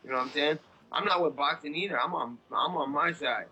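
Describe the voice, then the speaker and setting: A man's voice: on the high side, brisk, bright, forceful tone, poor audio. A man in his thirties giving a casual interview, talking in a blunt, profane, rambling way. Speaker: interview guest.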